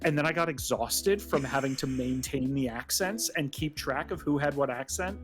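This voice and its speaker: A man co-hosting a podcast in a casual chat, agreeable and quick to chime in, laughing often. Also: mid-range voice, faint music behind.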